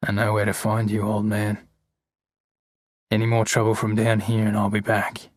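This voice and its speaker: Audiobook villain: a hard, threatening brute with a husky edge, read by a man. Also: on the low side, monotone, normal speed, no room sound, close to an everyday voice. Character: menacing male villain leader, grown man.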